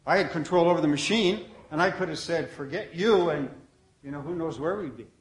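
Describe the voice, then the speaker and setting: A man delivers a sermon in a conversational, earnest way, often turning to the congregation with questions. His voice sits a little high for a man. He lets phrases sink to a soft, low finish. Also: brisk. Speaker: preacher.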